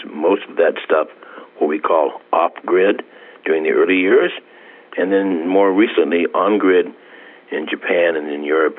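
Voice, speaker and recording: Deep husky man on a phone line. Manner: measured, halting, explanatory. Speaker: company executive guest. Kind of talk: interview answers.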